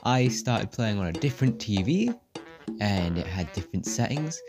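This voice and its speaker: A man's voice: on the low side, very animated, moderate pace, music in the background. A young man giving wry, teasing commentary over gameplay, grumbling at the game and joking about the story. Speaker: gaming video creator.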